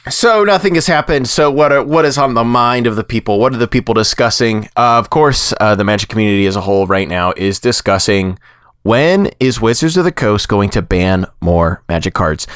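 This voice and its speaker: A man with a low voice hosts a casual podcast, chatty and full of fillers. His pitch jumps about a lot as he talks. The recording is dry and close, with faint music behind him. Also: smooth, no echo. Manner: animated, chatty, many fillers. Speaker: podcast host.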